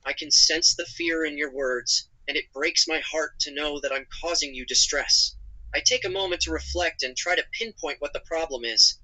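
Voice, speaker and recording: A synthetic male voice as a gentle AI companion. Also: on the high side, normal speed, low-quality recording. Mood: apologetic. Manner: calm, apologetic, narrates own actions.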